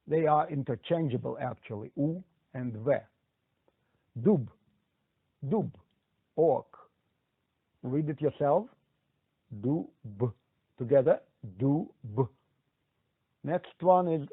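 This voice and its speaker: Man, language teacher, very slow drills, tinny phone-like sound, dry. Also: fairly high pitch, dry recording. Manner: repeats words slowly, prompts learner to repeat.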